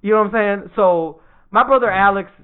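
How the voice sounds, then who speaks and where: A man casually telling comedic family stories, animated, laughing often and swearing a lot. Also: high voice, brisk, clean tone. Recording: tinny phone-like sound.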